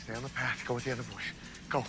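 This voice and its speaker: An actor playing a steady man who calmly coaxes frightened children along. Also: very fast, noisy background, close to an everyday voice. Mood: coaxing. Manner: calm, low, coaxing.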